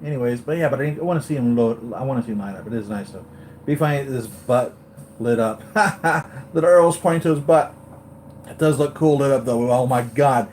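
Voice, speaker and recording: A man hosting a live toy unboxing, gushing and excitable, often repeating himself. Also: medium pitch, normal speed, a little hiss or hum. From United States. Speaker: toy collector vlogger.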